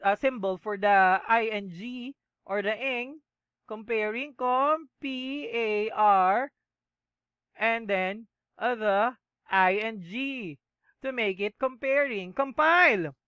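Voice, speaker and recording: A woman with a Filipino accent teaching a class, mixing English and Tagalog and slowly spelling out words letter by letter. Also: on the high side, fairly bright tone, no echo, dull audio. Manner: slow and methodical, spells out letters one by one. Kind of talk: classroom lecture.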